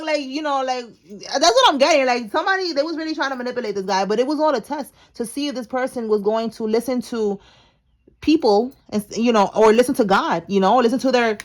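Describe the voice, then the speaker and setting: A young woman giving a casual tarot reading, slangy and animated, talking straight to her viewers. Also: fairly high pitch, a little fast. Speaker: tarot reader.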